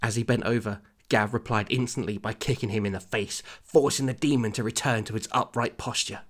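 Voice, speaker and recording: A man's voice: lowish voice, steady tone, brisk. A man hosting a podcast, reading his old story aloud and breaking off to comment, laughing often. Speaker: podcast host.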